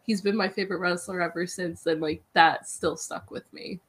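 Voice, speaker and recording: A woman's voice: fairly low pitch, moderate pace, husky. Bubbly young woman telling a story. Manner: bubbly, excitable storytelling, many "like"s. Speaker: wrestling interviewer, podcast guest. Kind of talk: casual podcast chat.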